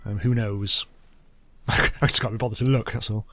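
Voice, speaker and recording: A man's voice: fairly low pitch, steady tone, normal speed, pauses often, a bit bright, no room sound, clean studio sound. A man hosting a let's play, giving rambling, self-mocking commentary as he thinks aloud. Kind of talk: casual gameplay commentary.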